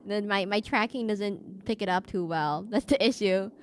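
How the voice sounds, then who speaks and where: A woman streams a game from a desk mic at home, talking in a loose, rambling way that keeps restarting itself. Her pitch sits in the middle for a woman, and a faint hum of room noise runs underneath. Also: moderate pace. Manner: chatty and rambling, many fillers and restarts. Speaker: VTuber streamer. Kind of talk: casual game stream chat.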